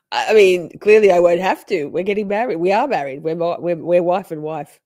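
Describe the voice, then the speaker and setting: A woman chatting casually as she reacts to a trial, giggly and playful, swinging from soft whispers to high squeals. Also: no room sound, studio quality.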